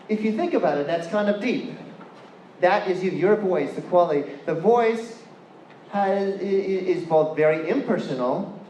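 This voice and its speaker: A man's voice: a little high, a little mellow, slight background noise. Chatty man with a Californian accent. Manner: chatty, playful, asks the audience questions. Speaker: guest lecturer. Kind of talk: university lecture to an audience. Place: lecture hall. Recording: echoey hall with faint room ambience.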